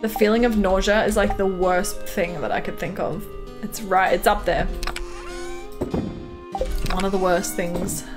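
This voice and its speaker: Canadian girl streaming, chill and slow, lots of giggles, game music playing under her. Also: medium pitch. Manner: relaxed, giggly, reads chat aloud. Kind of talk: casual live-stream chat while gaming.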